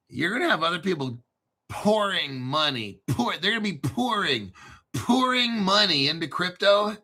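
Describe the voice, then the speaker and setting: Brash foul-mouthed man with a bright voice. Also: sits high, very animated, moderate pace. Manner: brash, sarcastic, swears a lot. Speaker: crypto channel host. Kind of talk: profane ranting monologue.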